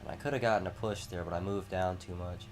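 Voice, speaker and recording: A man's voice: low voice, fairly even intonation, fast talker, over music. A man streaming a racing game, chatting casually with mild swearing. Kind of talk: casual gameplay commentary.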